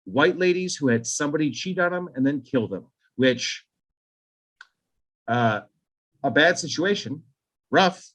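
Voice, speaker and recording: A podcast co-host with a slightly higher man's voice, chatting in a rambling, profane way. He moves quickly from story to aside and back. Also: expressive, fairly bright tone. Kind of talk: casual podcast chat.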